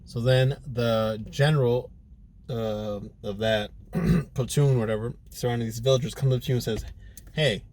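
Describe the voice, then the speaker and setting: A man's voice: medium pitch, fairly even intonation, moderate pace, darkish tone, a little hiss or hum. A man hosting a casual podcast, trading rambling stories and cusswords. He talks in a loose, easygoing way and breaks into laughter often. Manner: loose storyteller, swears a lot, laughs easily. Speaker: podcast co-host. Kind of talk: casual chat.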